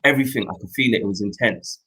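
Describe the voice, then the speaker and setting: A young adult man, hosting a talk show and telling a personal story in an earnest, reflective way, with pauses and restarts. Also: lowish voice, fairly bright tone, low-quality recording. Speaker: host.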